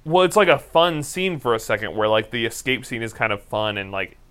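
A man co-hosting a casual chat, enthusiastic and quick to laugh. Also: medium pitch, a bit bright, clear, resonant tone.

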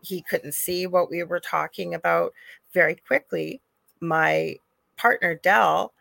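A middle-aged woman co-hosting a live chat, telling a ghost story in an animated way. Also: fairly low pitch, slow, creaky, dry recording. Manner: animated storyteller, acts out quoted voices. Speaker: co-host, psychic medium.

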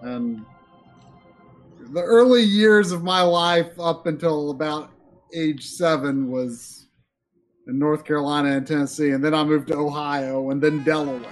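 A man's voice: a little high, a little slow, soft background music. A man with a faded Southern US accent chatting casually on a stream, often repeating words as he talks. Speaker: co-host.

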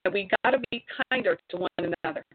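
A woman's voice: mid-range voice, quick pace, husky, no echo. A woman delivering an impassioned monologue straight to viewers, preachy and exhorting, full of rhetorical questions. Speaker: commentator. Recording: tinny phone-like sound.

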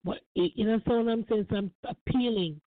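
On a call-in talk show, a woman guest gives earnest personal testimony, repeating phrases for emphasis. Her voice sits on the high side and moves fairly quickly, heard over a dry, tinny phone line.

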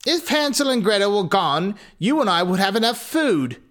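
A man's voice: high-pitched, sing-song, normal speed, a bit bright, pitched above the performer's own voice. A man reading a story aloud, voicing a cruel, scheming stepmother in a raised, scornful voice.

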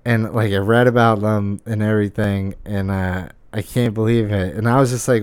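A man's voice: on the low side, fairly even intonation, normal speed, hardly any pauses, smooth, dry recording. A man hosting a podcast, ranting in a casual monologue, swearing a lot and sounding incredulous. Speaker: podcast host.

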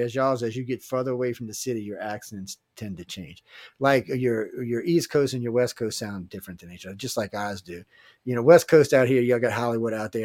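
A man's voice: mid-range voice, darkish tone, no echo. A man hosting a casual radio show, joking and rambling with filler restarts. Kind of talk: casual live radio chat.

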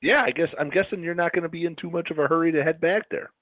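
A man's voice: on the high side, fast, no echo. A man from central Wisconsin co-hosting a podcast, chatting casually with dry, wry jokes. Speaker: podcast co-host. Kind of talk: casual chat. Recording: tinny phone-like sound, dry.

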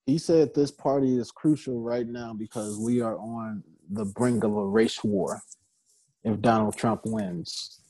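A man cohosting a casual podcast chat, measured and thinking aloud. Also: on the low side, steady tone, mellow, rough recording.

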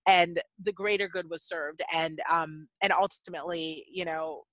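A middle-aged woman, a guest in an interview, talking casually in an animated, self-deprecating way with many fillers. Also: lowish voice, normal speed, dry recording, rough recording.

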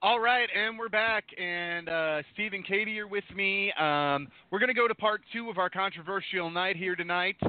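A man's voice: high voice, moderate pace, few pauses, no echo. Indignant male talk show host. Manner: emphatic, indignant. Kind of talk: call-in radio talk. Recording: tinny phone line.

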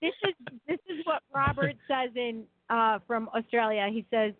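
A woman co-hosting a casual talk show, giggling and reading viewer comments quickly. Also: a little high, dry recording, narrow, tinny audio. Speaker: co-host. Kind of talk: casual chat.

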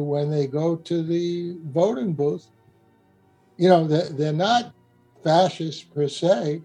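A man's voice: fairly high pitch, dark tone, low-quality recording. A man with a New York accent, earnestly talking through politics in a rambling, restarting way. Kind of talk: casual political talk.

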